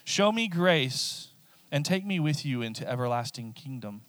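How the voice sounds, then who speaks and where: A man's voice: on the high side, animated, moderate pace, a bit bright, no echo. A male preacher reading the lines of a repentant condemned criminal, earnest and pleading.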